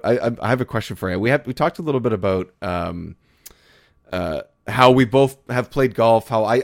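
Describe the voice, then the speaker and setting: A man guesting on a gaming podcast, chatty and easygoing, laughing often. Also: on the low side. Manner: chatty, laughs easily, many restarts. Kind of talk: casual gaming chat.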